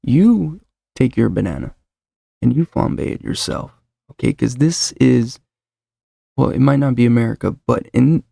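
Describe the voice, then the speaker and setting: A man with a heavily gravelly, fry-laden voice talks loosely and jokingly, often tripping over his own sentences. His tone is dark and mellow, and the sound is dry and close, straight into a desk microphone. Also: medium pitch, animated, unhurried, pauses often, no echo. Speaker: show host. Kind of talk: casual solo podcast chat. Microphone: desk mic with noise suppressor.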